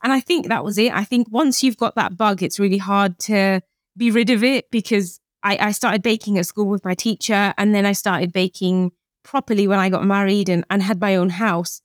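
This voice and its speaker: A British chef and author in her late 30s, with a mid-range voice and moderate pace, chats as a guest on a conversational podcast interview. Her storytelling is animated, and she acts out the quoted dialogue. The sound is dry and close.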